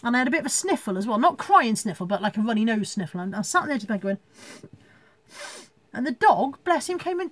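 A chatty woman rambles through a casual live stream from home, laughing often and reading out comments. Her voice sits a touch high. The sound is close and dry, with no room echo. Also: big pitch swings, quick pace, fairly bright tone. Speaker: reseller hosting a live stream.

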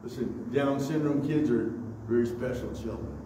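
A man's voice: mid-range voice, moderate pace, dark tone, slight background noise. A man preaching a sermon as pastor, emphatic and repetitive, often stopping to say "okay?" and "listen". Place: church sanctuary. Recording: echoey church hall, distant mic.

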